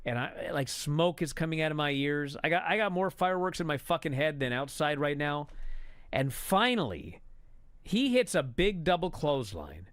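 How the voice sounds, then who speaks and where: A man telling a story as a profane, exasperated rant that builds to shouting. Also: a little high, moderate pace, dry recording, clean studio sound. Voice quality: animated storyteller. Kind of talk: comedic rant.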